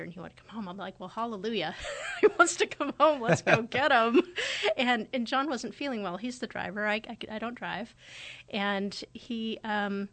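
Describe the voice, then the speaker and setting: A woman's voice: mid-range voice, a bit bright. Reflective woman podcast host in her forties. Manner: conversational and thoughtful, often acting out quoted remarks. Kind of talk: casual reflective podcast talk.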